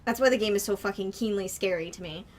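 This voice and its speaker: A woman's voice: mid-range voice, fast. A woman streamer in casual chat who giggles often and swears freely.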